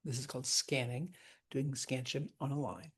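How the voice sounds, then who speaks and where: A man's voice: mid-range voice, steady tone, normal speed, fairly bright tone, slightly rough. A man teaching a lesson on verse scansion, chatty and demonstrative, sounding out rhythms aloud.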